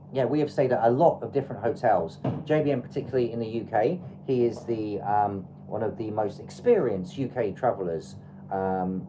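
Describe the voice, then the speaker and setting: English woman, livestream travel host, very low mellow voice, rambling advice with fillers. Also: slight background noise, rough recording. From England. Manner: chatty, advice-giving, loose with fillers. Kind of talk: casual livestream chat.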